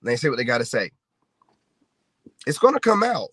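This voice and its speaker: An online commentator rants at his viewers in a confrontational, mocking monologue, hammering the same points again and again. His mid-range voice is a bit bright with a breathy edge, swinging widely in pitch at a normal speed.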